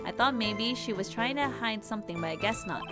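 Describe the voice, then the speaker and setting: A woman's voice: fairly high pitch, animated, a little fast. A woman streamer giving casual commentary while playing, full of joking, playful asides. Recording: game music behind the voice.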